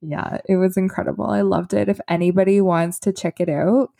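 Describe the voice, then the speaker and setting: A woman's voice: mid-range voice, fairly even intonation, fairly quick, gravelly, mellow. A woman telling a travel story in casual chat, laughing often and saying "like" a lot.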